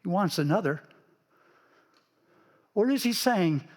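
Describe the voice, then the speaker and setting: A male pastor telling a story in a sermon, dropping to a hush and then swelling for emphasis. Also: high-pitched, very animated, takes it slowly. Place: church sanctuary. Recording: long reverb of a church sanctuary.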